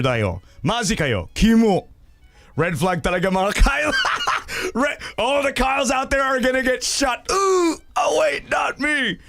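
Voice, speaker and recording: Animated high-voiced man. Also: dry recording. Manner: animated and profane, laughing loudly, acting out quoted voices. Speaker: livestream host reading viewer stories. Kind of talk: casual livestream chat.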